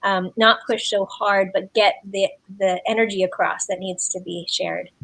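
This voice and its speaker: A woman's voice: medium pitch, steady tone, normal speed, gravelly, a bit bright, no room sound, low-quality recording. A woman hosting a live video interview as a yoga therapist, thoughtful and questioning.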